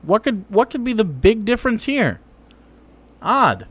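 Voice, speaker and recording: Male streamer, high voice, swings widely, sarcastic and cursing, political reaction commentary. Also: very animated, measured pace, fairly bright tone, husky. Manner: sarcastic, profane, heated.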